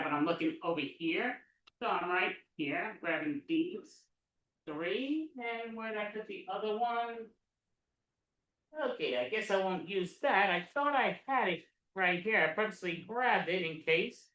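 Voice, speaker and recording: A woman with a lowish, fairly bright voice hosts an improv comedy show, chatting casually in a rambling, self-deprecating way as she sorts through cards and props.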